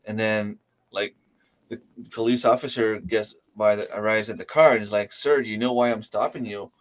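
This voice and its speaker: A man's voice: on the low side, steady tone, moderate pace. A man telling a joke in casual chat, acting out the characters. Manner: telling a joke with acted voices.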